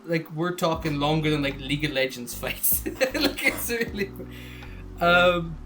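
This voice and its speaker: A man's voice: a little high, animated, measured pace, a bit bright, faint music behind. Rambling young man, casual chat. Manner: rambling, chuckling, trails off into mumbles. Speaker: podcast co-host.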